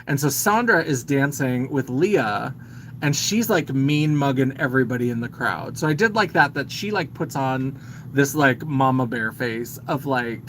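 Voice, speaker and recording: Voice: medium pitch, expressive, moderate pace, fairly bright tone, slight background noise, poor audio. A man hosting a live stream, casually retelling a film's plot in a chatty, filler-heavy way and greeting viewers as he goes. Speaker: host.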